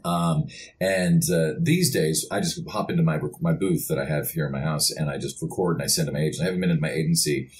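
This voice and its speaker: Low-voiced man telling stories. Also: fast talker. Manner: rambling, animated storytelling with many restarts. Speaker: voice actor guest. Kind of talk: casual podcast interview.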